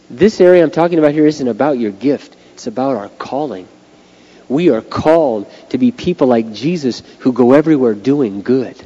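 In a church sanctuary, a middle-aged pastor preaches a sermon in a fairly high, mellow voice, earnest and conversational. The lo-fi recording carries a long hall reverb.

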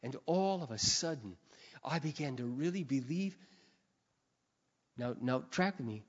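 A man preaching a sermon, telling stories with big swings between quiet and shouted passages. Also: medium pitch, lively intonation, a little slow. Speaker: pastor. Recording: dull sound with long hall reverb.

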